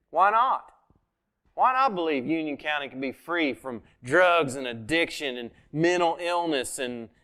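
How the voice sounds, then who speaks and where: Guy preaching, kinda high voice, real smooth and clear, chatty, acts out the quotes, gets loud then drops quiet. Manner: conversational preaching, acts out quoted speech with sudden loud and soft swings. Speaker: pastor. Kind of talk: sermon.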